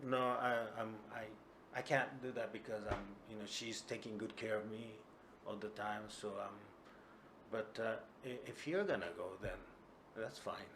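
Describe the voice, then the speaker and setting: A man's voice: medium pitch, slow pace, background noise, lightly acted. A man voicing a drunk, sheepish man who stammers out excuses. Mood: hesitant. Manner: stammering, hesitant.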